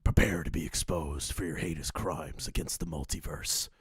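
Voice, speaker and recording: A man's voice: mid-range voice, animated, moderate pace, creaky, a bit bright, slightly rough, no room sound, clean studio sound, heavily acted. A man voicing a paranoid male conspiracy vlogger who speaks through a voice disguiser, with theatrical accusations. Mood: accusing.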